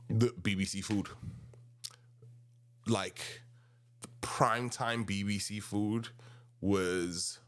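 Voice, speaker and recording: A man in his thirties with a South African accent, rambling and animated as he tells casual stories about his past. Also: low-pitched. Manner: rambling, animated, restarts often. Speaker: podcast host. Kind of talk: casual storytelling monologue.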